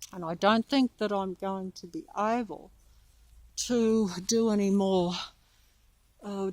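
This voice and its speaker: A woman with a medium-pitched voice films herself on a handheld phone while walking in an outdoor park, out of breath. Her rambling walking commentary halts, restarts, and trails off, and the rough recording carries a little hiss or hum.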